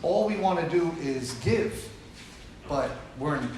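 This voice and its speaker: A man's voice: a little high, expressive, slow pace, darkish tone. A man leading a recovery group talk, speaking emphatically and repeating points for stress. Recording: echoey room from far off with hiss.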